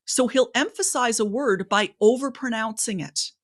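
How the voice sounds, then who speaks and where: A woman guest on a podcast, giving speaking advice in an animated, expressive way with lots of pitch variation. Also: moderate pace.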